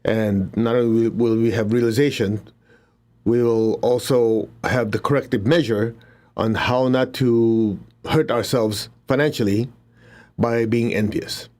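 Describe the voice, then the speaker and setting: A man's voice: medium pitch, steady tone, measured pace, a little mellow. A middle-aged man teaching a spiritual healing session in a casual, chatty way, laughing often and making blunt asides. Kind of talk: casual spoken teaching with invocation.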